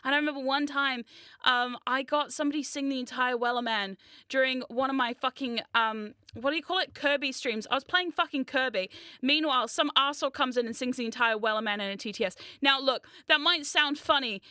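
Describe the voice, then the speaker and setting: Bright, chatty woman streamer. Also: sits high, a little fast, clean tone, no room sound, clean studio sound. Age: 30s. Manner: rambling, swearing, self-mocking, frequent laughs. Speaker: VTuber streamer. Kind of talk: casual livestream chat.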